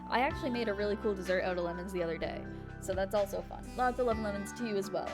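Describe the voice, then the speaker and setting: A woman streamer chats casually while playing, her voice sitting at an ordinary middle pitch. She giggles and thinks out loud in a playful, rambling way. Game music plays clearly underneath her. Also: very fast. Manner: chatty and playful, giggles and talks to herself. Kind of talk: casual live gameplay chat.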